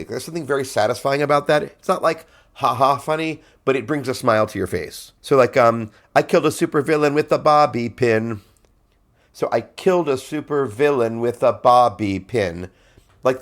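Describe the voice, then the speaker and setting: A male songwriter hosting a casual explainer, talking in a chatty way with frequent fillers and laughs. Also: mid-range voice. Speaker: songwriter host.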